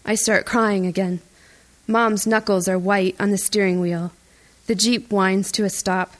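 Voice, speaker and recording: A woman reading a first-person audiobook in a tense, even storytelling voice. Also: mid-range voice, unhurried. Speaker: audiobook narrator. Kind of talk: first-person scripted narration.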